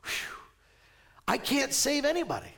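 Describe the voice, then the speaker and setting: Gravelly-voiced male pastor preaching. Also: very high-pitched, unhurried. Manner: conversational, animated preaching with stammered restarts. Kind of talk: sermon.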